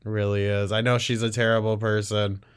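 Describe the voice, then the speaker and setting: A man's voice: fairly low pitch, level tone, brisk, clean tone. Sarcastic man mocking a video. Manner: blunt, sarcastic, swears often, laughs a lot. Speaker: commentary podcast host. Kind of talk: mocking reaction commentary.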